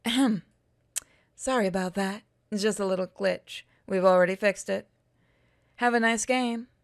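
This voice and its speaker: A woman's voice: medium pitch, moderate pace, no echo, clean studio sound. A woman reading and narrating a game aloud, with joking, swearing, self-mocking asides.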